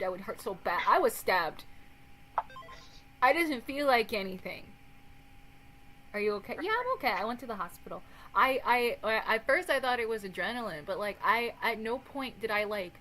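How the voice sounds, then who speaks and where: A young woman chatting casually with a friend while they watch a recap, animated, laughing often and swearing freely. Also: mid-range voice, a little hiss or hum, rough recording. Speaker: host.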